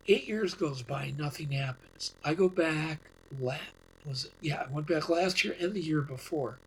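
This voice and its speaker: A man's voice: fairly high pitch, normal speed, a little hiss or hum, poor audio. A man, a guest on a podcast, telling a long story in a casual, rambling way, often restarting and repeating words.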